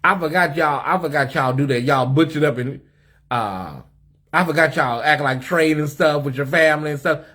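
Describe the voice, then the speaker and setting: Speaking at a normal speed in a voice on the high side, a bit bright and slightly rough, this American guy runs a chatty, sassy live stream from his hotel suite, talking straight to commenters.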